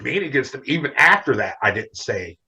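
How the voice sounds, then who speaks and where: A middle-aged comic book artist tells stories in a casual interview, animatedly acting out what other people said. He has a mid-range voice and speaks fairly quickly.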